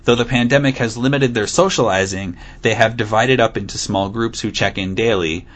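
Reading a news piece on a casual podcast, a male co-host speaks fairly quickly in a low-leaning, somewhat bright voice. He's amused and giggly throughout, laughing often and leaning on words for playful effect.

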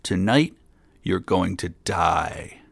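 A man voicing a huge, evil old man with a long beard, speaking slowly and menacingly. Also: low-pitched, lively intonation, creaky, breathy edge, no echo, full character voice. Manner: slow, menacing.

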